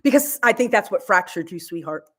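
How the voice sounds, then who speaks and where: A woman's voice: fairly low pitch, animated, brisk, a little hiss or hum. A woman doing live psychic energy readings, casual and soothing, calling her caller sweetheart and leading guided visualizations. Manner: swears casually. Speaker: psychic reader.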